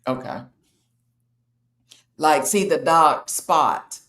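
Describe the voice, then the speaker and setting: A woman's voice: low voice, lively intonation, very slow, a bit bright, echoey room. A woman explaining a health topic in a casual, matter-of-fact way, as host of a talk show. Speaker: health educator.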